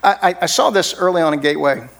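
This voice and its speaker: Conversational pastor preaching, slightly high voice. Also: male voice, fast, vocal fry, a bit bright. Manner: conversational, frequent "right?" tag questions. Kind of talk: sermon.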